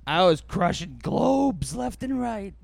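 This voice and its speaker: A man's voice: high-pitched, very animated, slow pace, gravelly, no room sound. A young man co-hosting a casual podcast, joking around and laughing often. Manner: joking, laughs often, jumps into silly voices. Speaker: podcast co-host. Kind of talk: casual chat.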